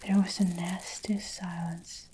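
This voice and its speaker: A woman reading a children's story aloud in a soft whispered role-play for ASMR. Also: fairly low pitch, level tone, takes it slowly, background noise. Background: faint soap crushing and crinkling.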